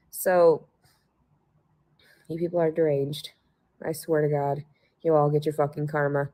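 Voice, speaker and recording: A woman's voice: sits low, flat delivery, measured pace, pauses often, warm tone. A woman ranting to her viewers in a mocking, sarcastic way, swearing often and laughing to herself. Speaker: vlogger.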